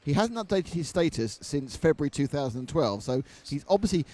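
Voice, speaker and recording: A man's voice: fairly high pitch, very animated, brisk, a little mellow. A man commentating live on a model car race, mixing race calls with jokey banter.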